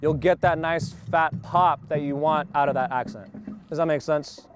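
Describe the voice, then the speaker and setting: Here a man with a somewhat high, steady voice speaks at a normal speed against background noise. He's a drum instructor on a wireless lavalier mic, teaching a group snare drum technique one step at a time and regularly checking their understanding.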